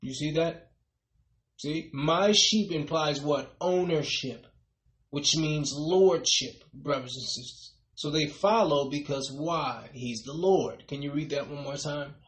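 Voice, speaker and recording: Emphatic preacher with a high, ringing voice. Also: male voice, takes it slowly, roomy sound. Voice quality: repeats "brothers and sisters" with a dropping, quiet tail. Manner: emphatic, rising on key points then trailing off softly. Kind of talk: sermon.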